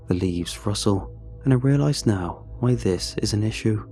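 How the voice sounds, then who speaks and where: A man narrating a first-person horror story in a measured, tense, scripted way. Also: lowish voice, animated, mellow, soft background music.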